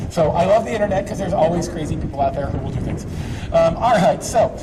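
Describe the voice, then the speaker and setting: Chatty high-voiced man explaining science. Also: lively intonation, fast talker. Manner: chatty, explanatory, many fillers. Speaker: chemistry demonstrator. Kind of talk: live science demonstration. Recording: distant mic, faint background noise.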